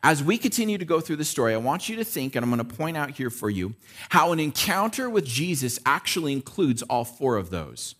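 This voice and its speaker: A man's voice: on the high side, big pitch swings, brisk, fairly bright tone. A male pastor preaching a sermon in a casual way, checking in with the listeners by asking "right?". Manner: conversational preaching with frequent "right?" check-ins.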